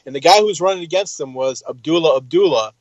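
A man's voice: a little high, fast, a little mellow, no room sound, dull audio. A man and military veteran in a casual chat, blunt and emphatic, swearing at times. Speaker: podcast co-host, military veteran.

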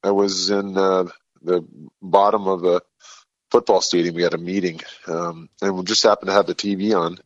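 Male guest, very low voice, easygoing tone, dull dry recording. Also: level tone, moderate pace, dry recording. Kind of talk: casual chat.

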